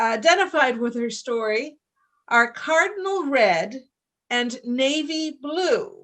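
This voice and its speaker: Slow-spoken bright woman host. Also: high voice. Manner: gracious, measured introductions. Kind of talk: introducing storytellers at a live event. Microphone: video call.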